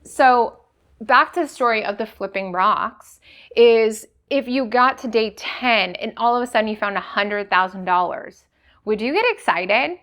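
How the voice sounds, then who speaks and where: A woman's voice: a little high, unhurried, a bit bright. A woman hosting a motivational business talk, coaching her audience with rhetorical questions and frequent "okay?" checks.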